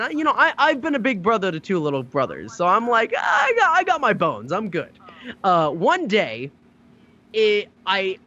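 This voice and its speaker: High, bright young man telling stories. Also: lo-fi sound. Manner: animated, acts out quoted voices, laughs often. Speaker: podcast guest, voice actor. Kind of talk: casual comedic storytelling.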